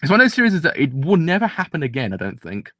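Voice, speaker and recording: Young male reviewer, rapid excitable rambler, dry close-mic sound. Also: on the high side, dry recording. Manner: rambling, excitable, full of restarts and "kind of". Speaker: anime reviewer. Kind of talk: casual episode review.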